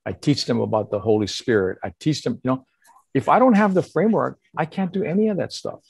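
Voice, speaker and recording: An older man talks as a pastor giving counsel, earnest and animated, slipping into acted-out quotes. His voice is gravelly and a bit husky, and it sounds dry and close to the mic. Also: medium pitch, a little fast, no echo. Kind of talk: casual conversational counsel.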